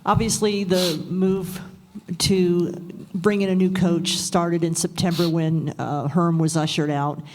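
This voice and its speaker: A woman newspaper reporter asking a measured question at a press conference. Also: fairly low pitch, steady tone, darkish tone.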